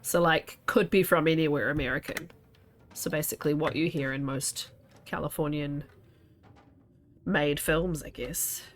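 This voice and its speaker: A woman with a fairly low voice chats her way through a game stream. She rambles from one aside to the next and laughs often, in a relaxed, casual way. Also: measured pace, pauses often. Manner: chatty, laughs often, wanders between asides. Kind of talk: casual gameplay commentary.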